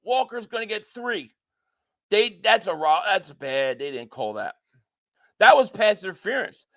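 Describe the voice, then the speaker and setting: High-voiced excitable fan calling the game. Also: male voice. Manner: excitable, quick swings between shouting at calls and flat frustration; repeats himself and stumbles when worked up. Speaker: sports fan streamer reacting live to a game. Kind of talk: live play-by-play reaction and reading viewer chats.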